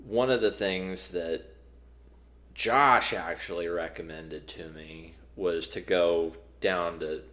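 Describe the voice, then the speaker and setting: A man's voice: sits low, steady tone, slow pace, a bit bright. A man co-hosting a podcast in casual chat, telling a long story with many restarts and fillers. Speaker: podcast co-host.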